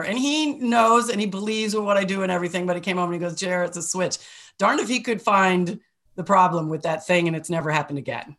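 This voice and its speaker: A middle-aged woman with a fairly low voice shares personal stories on a podcast. She talks casually and emotionally, breaking into laughter and dropping the odd mild curse. Her storytelling is loose and animated. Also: fast. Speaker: podcast co-host.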